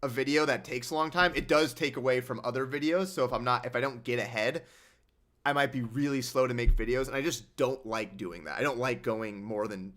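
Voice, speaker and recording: A man's voice: medium pitch, a little fast, fairly bright tone. A young man hosting a casual livestream, rambling and sarcastic as he answers chat. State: injured hand. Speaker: livestream host.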